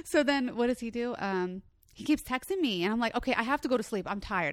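A woman telling a comedic dating story in casual chat, animated and rambling, swearing and acting out what others said. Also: on the high side, brisk, no room sound, clean studio sound. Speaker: comedian guest.

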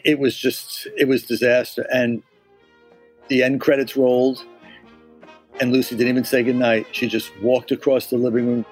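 A man in a documentary interview, recalling a scene deliberately. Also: mid-range voice, low-quality recording.

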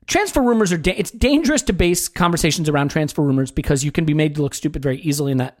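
A man's voice: a little high, lively intonation, rapid-fire, darkish tone. A man hosting a sports podcast, chatting casually in a wry, joking, rambling way. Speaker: podcast host.

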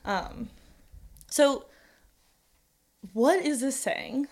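A woman's voice: high voice, very slow, darkish tone. A young woman co-hosting a casual conversation, chatty and thinking aloud with plenty of fillers. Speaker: podcast co-host.

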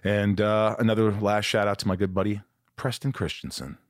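A man's voice: fairly low pitch, level tone, normal speed, no echo, clean studio sound. A man in his forties hosting a podcast, telling stories in an enthusiastic, rambling way. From Kentucky. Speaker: podcast host. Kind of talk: casual chat.

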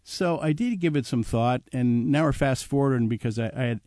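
Older male storyteller, animated, chatty, dry close recording. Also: medium pitch, brisk, dry recording. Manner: animated anecdote with acted quotes and chuckles. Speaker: guest telling his life story. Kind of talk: casual storytelling.

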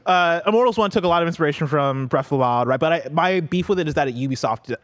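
A man's voice: on the high side, quick pace, fairly bright tone, dry recording, studio quality. A man co-hosting a gaming show, giving opinions in a rambling, casual way full of fillers. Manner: rambling, many fillers like "like" and "you know". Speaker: co-host. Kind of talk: casual chat.

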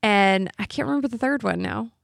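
A woman co-hosting a podcast in casual chat, with wry, quick reactions. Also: medium pitch, vocal fry, no echo, clean studio sound. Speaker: podcast co-host.

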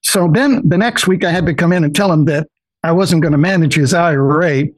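Older man, lively storyteller. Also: a little high, fairly quick, no echo, low-quality recording. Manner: animated, acts out quoted voices, many restarts. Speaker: guest investor. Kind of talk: personal storytelling in a podcast interview.

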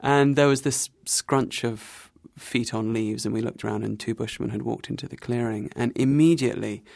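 Gravelly man telling a wry story. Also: mid-range voice, moderate pace, dry recording, clean studio sound. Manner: animated, wry storyteller who laughs at himself. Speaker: interview guest. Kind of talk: storytelling interview.

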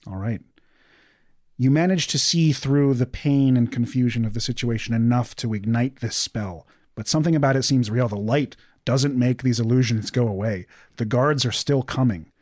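A man running a tabletop game as game master, calmly narrating scenes and calling for dice rolls. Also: medium pitch, moderate pace, dry recording, clean studio sound. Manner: calm, descriptive narration.

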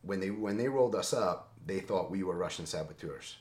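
Middle-aged ex-Marine guest, very low voice, animated storyteller, roomy echo. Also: male voice, a little fast. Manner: animated, seeks agreement with frequent "right?". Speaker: podcast guest, former Marine. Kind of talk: conversational war storytelling.

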